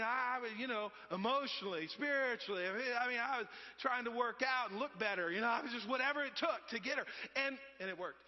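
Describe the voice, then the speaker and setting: A man, preaching a sermon in a relaxed, conversational storytelling way that swings between loud and hushed. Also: very high-pitched. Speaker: pastor. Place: church sanctuary. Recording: dull sound with long reverb.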